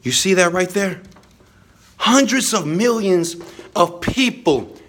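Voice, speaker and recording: A man giving a hyped motivational talk to his phone camera in a high-rise apartment, chanting and repeating phrases. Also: expressive, takes it slowly, pauses often, fairly bright tone. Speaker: motivational speaker.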